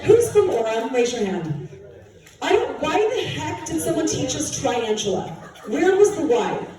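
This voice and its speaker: This TV co-host from Utah has a Utah accent and a high-pitched voice with big pitch swings, speaking at a measured pace. In a large hall she gives a chatty, playful talk that quizzes the audience; the sound is echoey, the mic distant, and the crowd audible.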